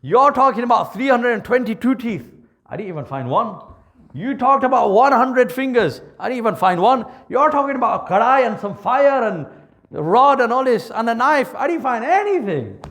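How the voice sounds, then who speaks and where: A man's voice: extremely high pitch, big pitch swings, moderate pace, fairly bright tone, voice pushed up, heavily acted. A man voicing a naive, skeptical young male fish who mocks warnings in a parable. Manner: mocking, dismissive.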